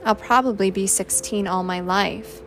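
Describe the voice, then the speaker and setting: A woman's voice: mid-range voice, fairly even intonation, moderate pace, a bit bright, a little hiss or hum, natural voice. A woman voicing a sassy, wisecracking teenage girl in a storybook reading. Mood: flippant. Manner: flippant, wisecracking.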